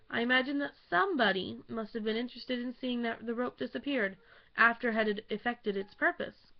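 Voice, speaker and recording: A woman at home reading a classic novel aloud into a webcam in an expressive, theatrical storytelling manner. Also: fairly high pitch, dull audio. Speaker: audiobook reader.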